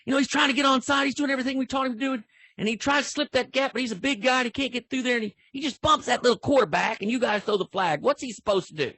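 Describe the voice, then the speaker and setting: A man voicing an agitated male football coach, pleading in a high, husky voice. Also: very fast, sharp tone, no echo, exaggerated voice. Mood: exasperated pleading. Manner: high-pitched, exasperated pleading.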